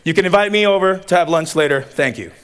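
A man giving a commencement sermon, driving points home with rhythmic repetition and pauses. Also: sits high, a bit bright, a little hiss or hum. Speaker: commencement speaker.

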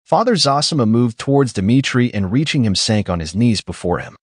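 A man reads a classic novel aloud in an expressive, measured manner. His voice is husky, with lively pitch movement, and sounds dry and close. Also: no echo. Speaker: audiobook narrator. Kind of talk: scripted narration.

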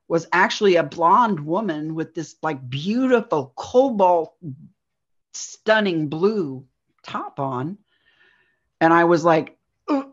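A woman, a guest, recounting a personal experience in a halting storytelling way, often saying "like". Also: on the low side. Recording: dull lo-fi audio.

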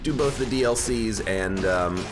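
A man's voice: fairly low pitch, measured pace. A man giving rambling casual commentary while playing a video game, often correcting himself mid-sentence. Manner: rambling, self-correcting, chatty. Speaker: game streamer. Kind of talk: casual let's-play commentary. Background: game music.

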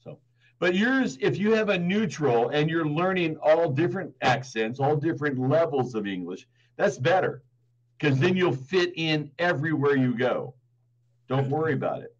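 A man tutoring English over a video call, talking in a relaxed, encouraging way and often repeating words. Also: a little high, normal speed, muffled recording. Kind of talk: casual tutoring chat.

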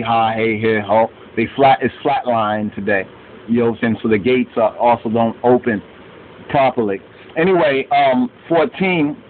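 A man leads an alphabet lesson, reciting syllables one by one at an unhurried pace. His voice comes through thin and phone-like. A faint hiss sits underneath. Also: mid-range voice. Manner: slow, chanting drills of syllables with asides. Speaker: language teacher.

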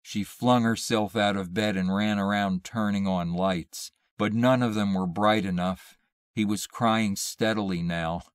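Slow, low-voiced male storyteller. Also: steady tone, clean tone, no echo. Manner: slow, measured and hushed. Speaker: narrator. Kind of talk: dramatic reading of a horror short story. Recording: dry close mic, audio only.

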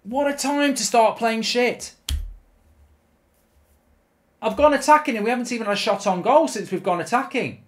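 A man with a very high-pitched voice speaks at normal speed and pauses often. He hosts his own gaming YouTube channel, giving live commentary over a football management game full of ranting, swearing and exasperated outbursts.

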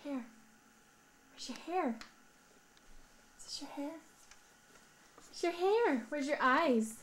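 A mother films her toddler and talks to her in sing-song baby talk. Her voice sits high, and she takes her time between phrases. Her coaxing calls turn squeaky. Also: expressive, slow pace, slight background noise. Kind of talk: home video baby talk.

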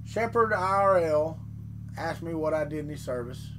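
Man, middle-aged, folksy, rambling, casual live chat, slightly raised pitch. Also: animated, normal speed, noisy background. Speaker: 3D printing vlogger reading chat.

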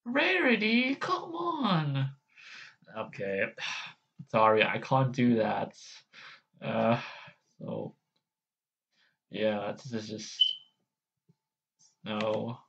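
A man's voice: on the low side, animated, very slow, vocal fry, pauses often, muffled recording. A man hosting a casual vlog, hesitant and self-deprecating as he tries out character voices. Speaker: channel host.

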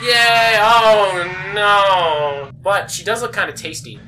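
An excitable let's play gamer whose voice leaps all over the place, bright and edgy in tone. They yelp and laugh at jump scares and throw out mock insults and silly jokes between moves. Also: mid-range voice, slow pace, slight background noise. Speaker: gaming YouTuber.

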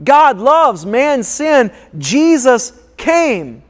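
A man's voice: very high voice, sing-song, very slow. A man preaching a sermon as a pastor, emphatic and repetitive, calling for responses from the congregation. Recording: long reverb of a large hall.

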